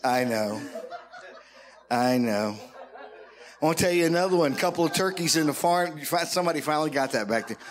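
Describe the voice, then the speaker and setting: Man pastor in church, casual and joking, voice a touch high. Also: animated, a little fast, long pauses. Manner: joking, conversational, addresses the congregation directly. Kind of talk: sermon.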